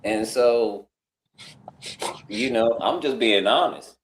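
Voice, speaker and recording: Guest storyteller, male, middle pitch, lively and chatty, voices other characters, roomy reverb. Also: slow, background noise. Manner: animated, acts out other people's lines in changed voices. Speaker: guest on a live talk stream. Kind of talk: casual storytelling. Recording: roomy echo.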